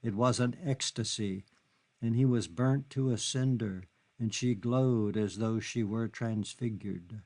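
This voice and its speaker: A man narrating a literary novel in a measured, steady reading. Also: on the low side. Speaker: audiobook narrator.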